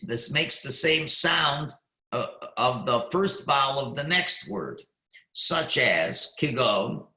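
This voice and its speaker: A man teaching a Talmud class, explaining each phrase and pausing to read Hebrew words slowly and carefully. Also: medium pitch, pushed and bright. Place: synagogue class room. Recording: echoey room.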